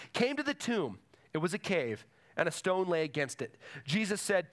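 Animated preaching man. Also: sits high, moderate pace. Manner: emphatic, repeats key phrases. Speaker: pastor. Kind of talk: sermon. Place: church before a congregation.

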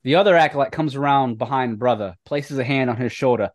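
A man running a tabletop game as game master, calling rolls and describing the action. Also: medium pitch. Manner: brisk rules narration.

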